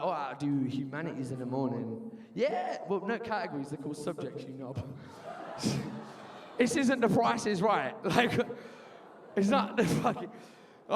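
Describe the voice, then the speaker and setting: A man in his twenties doing a lively stand-up comedy set with crowd work, shouting his punchlines in a university bar. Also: sits high. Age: 20s. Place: university bar venue, live audience. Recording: long reverb of a live venue.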